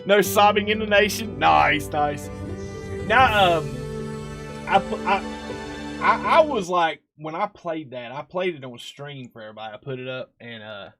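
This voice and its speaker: A man's voice: a little high, moderate pace, a bit bright, faint music behind. A man, hosting a live stream in casual, rambling chat full of fillers and laughs.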